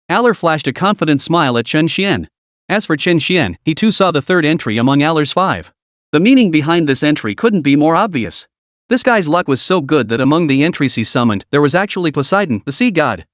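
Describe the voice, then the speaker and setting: A man narrating a scripted story recap in an even storytelling delivery. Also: fairly high pitch, a little fast, dry recording, clean studio sound.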